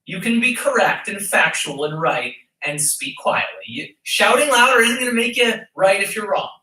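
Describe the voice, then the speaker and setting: Man, pastor, sermon, emphatic, high voice, very bright tone, echoey church, off-mic. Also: moderate pace, far from the mic. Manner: emphatic, mocking put-on voices when quoting. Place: church sanctuary.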